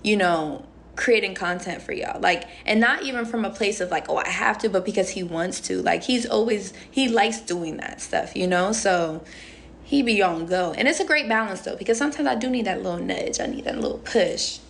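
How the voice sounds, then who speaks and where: Gravelly, chatty young woman on a phone livestream. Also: mid-range voice, moderate pace, a little hiss or hum. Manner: chatty and playful, heavy on fillers like "um" and "like". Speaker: reality show contestant on a livestream. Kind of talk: casual livestream chat, reading and answering viewer comments.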